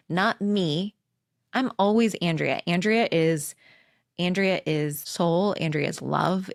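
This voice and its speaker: Woman in her 40s doing a casual self-help podcast, swears a lot, says like constantly, lowish voice, dry sound. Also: no echo. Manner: candid and profane, fillers of "like", animated re-enacting of quotes. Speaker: podcast host.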